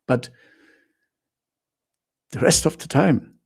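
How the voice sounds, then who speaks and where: A man's voice: slow pace, darkish tone. A man hosting a travel live stream, chatting with viewers in simple non-native English, greeting them by name and laughing often. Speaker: travel channel host.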